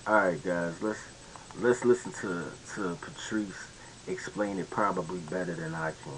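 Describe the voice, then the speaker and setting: A man's voice: low voice, normal speed, a little hiss or hum, rough recording. A man hosting a casual commentary monologue, rambling and slangy with many restarts. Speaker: commentary host.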